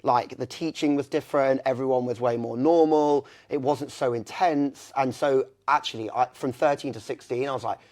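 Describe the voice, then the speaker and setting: Young guy rambling openly in an interview, lots of likes and you knows, mid-pitched voice. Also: steady tone, normal speed, hardly any pauses, a little mellow. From England. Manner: candid, rambling, many fillers and restarts. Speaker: guest. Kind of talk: conversational storytelling.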